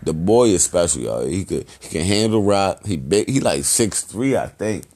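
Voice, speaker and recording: A man hosting a podcast, giving loose, rambling shout-outs in heavy slang and profanity. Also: deep voice, very animated, moderate pace. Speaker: podcast host.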